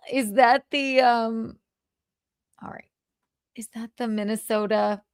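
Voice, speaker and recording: A woman's voice: fairly high pitch, fairly even intonation, slow, clean tone, no echo, studio quality. A young woman hosting a casual livestream, talking candidly, swearing freely and laughing often. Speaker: livestream host.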